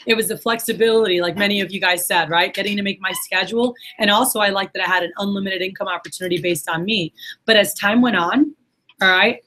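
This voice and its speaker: A young woman giving a motivational sales workshop talk, chatty and excited, full of "like" and "you know". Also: medium pitch, rough recording. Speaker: sales trainer. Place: conference room.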